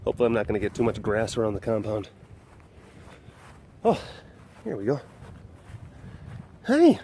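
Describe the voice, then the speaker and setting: A man filming a casual walking vlog outdoors at an animal compound, talking softly and cooing to the big cats. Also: fairly low pitch, a little fast, slight background noise. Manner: soft baby talk to big cats. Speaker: animal keeper vlogger. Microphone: camera mic with windscreen.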